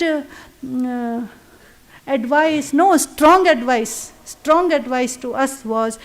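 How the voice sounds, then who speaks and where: A woman giving an earnest, reverent public lecture. She slows down to recite verse. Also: high voice. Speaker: guest speaker. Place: lecture at a public affairs institute.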